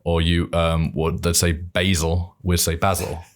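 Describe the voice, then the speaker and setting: A man's voice: low voice, monotone, normal speed, clear, resonant tone. A British man in his twenties, a podcast guest chatting casually, laughing often and trailing off mid-sentence. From Britain. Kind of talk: casual conversation.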